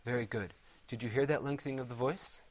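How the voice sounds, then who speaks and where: A middle-aged man teaching Quran recitation on a televised lesson, his voice sitting at an ordinary middle pitch. He explains patiently, step by step, and breaks into chanted Arabic examples for the class to repeat. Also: quick pace, crowd noise.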